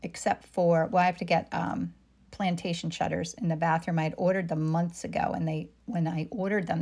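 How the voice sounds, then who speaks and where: A woman's voice: fairly low pitch, creaky, a little mellow, breathy edge. A middle-aged woman chatting casually with viewers while she paints, reading their comments aloud and murmuring to herself as she works. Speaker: painter live-streaming a demo. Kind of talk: casual live-stream chat while painting.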